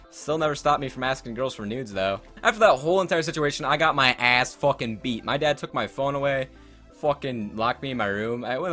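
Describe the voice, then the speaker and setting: Brief: young male gamer, quick and bright, profane rambling storyteller, faint music behind. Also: mid-range voice. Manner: profane, rambling, loud outbursts. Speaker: gaming YouTuber. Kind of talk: storytelling over gameplay.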